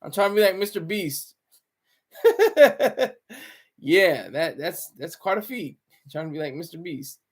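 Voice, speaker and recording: A man's voice: a little high, very animated, measured pace, pauses often, slightly rough. A man giving casual, rambling livestream commentary, often breaking off mid-sentence and chuckling. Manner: rambling, self-interrupting.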